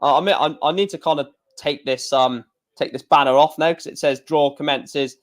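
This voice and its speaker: Excitable man hosting a live stream. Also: on the high side, normal speed. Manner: excitable, rambling with many restarts. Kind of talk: casual live-stream chat.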